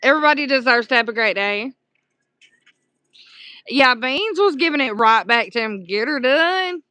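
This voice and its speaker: A woman with a Southern US accent hosting a casual livestream from a dark room at home at night, chatting warmly and answering her chat aloud with pet names. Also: high voice, lively intonation, moderate pace, no echo. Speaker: livestream host.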